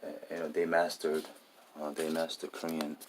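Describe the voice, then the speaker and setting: A man in a casual monologue, talking haltingly and often restarting and repeating his words. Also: extremely low pitch, monotone, very noisy.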